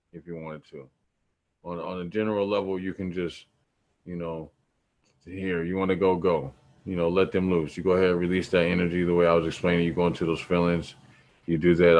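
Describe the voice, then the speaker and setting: A man's voice: low-pitched, muffled recording. A man teaching about spirituality in a loose, slangy, preachy way, repeating points for emphasis. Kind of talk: casual spiritual teaching talk.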